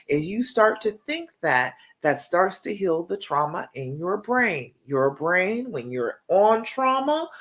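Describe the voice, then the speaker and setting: A woman coach on a live stream, giving encouraging instructions in an emphatic, repetitive way and ending many points with "okay?". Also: mid-range voice. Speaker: relationship coach.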